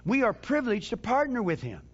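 Male preacher, high and very animated, emphatic delivery with repeats, dull lo-fi recording. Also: fairly quick. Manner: lively, emphatic, with sudden drops to low quiet phrases; frequent repeated words and restarts. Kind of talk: sermon.

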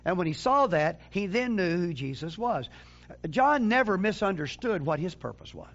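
Male preacher, high and very animated, emphatic delivery with repeats, dull lo-fi recording. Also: normal speed. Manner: lively, emphatic, with sudden drops to low quiet phrases; frequent repeated words and restarts. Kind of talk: sermon.

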